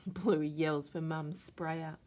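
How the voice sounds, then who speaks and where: An Australian woman reading a children's story aloud, slow and expressive. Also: low-pitched. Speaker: children's book reader.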